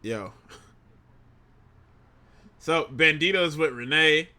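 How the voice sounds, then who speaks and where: Excitable male podcast co-host, piercingly bright tone, swears freely, laughs a lot. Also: fairly high pitch, slow. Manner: excitable, profane, laughs often. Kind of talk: casual wrestling podcast chat.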